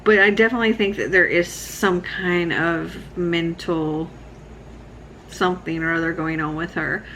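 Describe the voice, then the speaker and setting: A woman in her thirties giving a relaxed, rambling late-night book vlog check-in, sounding sleepy. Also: lowish voice, measured pace, a little hiss or hum, low-quality recording. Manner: relaxed, rambling, laughs often. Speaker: book vlogger.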